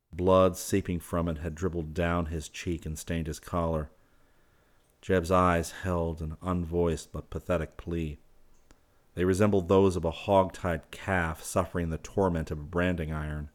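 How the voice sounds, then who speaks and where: Deep-voiced male audiobook narrator. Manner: steady, measured narration. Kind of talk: audiobook reading.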